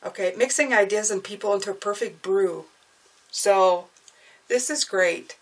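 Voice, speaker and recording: A woman talks through a tarot reading, lively and eager over what she pulls, then reading card texts aloud in a quieter voice. Her voice sits at a middle pitch and sounds a little off the mic. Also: measured pace, recorded from a distance. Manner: enthusiastic, drops to soft murmurs when reading. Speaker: tarot reader.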